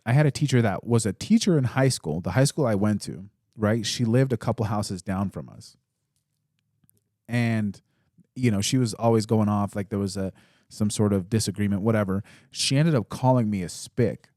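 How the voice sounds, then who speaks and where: A man with a low, mellow voice co-hosting a casual podcast. He talks in a laid-back way and drops dry jokes and corrections. The sound is close and dry. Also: normal speed, dry recording. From came to Utah. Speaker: podcast co-host. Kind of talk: casual chat.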